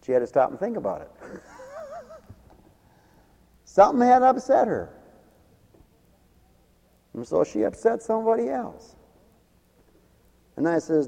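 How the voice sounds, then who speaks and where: A man's voice: high-pitched, sing-song, unhurried, vocal fry, long pauses, dark tone, long reverb tail. A man preaching a folksy sermon, laughing often between his points.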